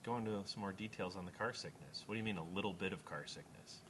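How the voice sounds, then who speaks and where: A man, father of a young child, co-hosting a casual chat, quick and curious, full of questions. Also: low-pitched, fairly bright tone, a little hiss or hum. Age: adult, father of young child. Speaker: podcast co-host.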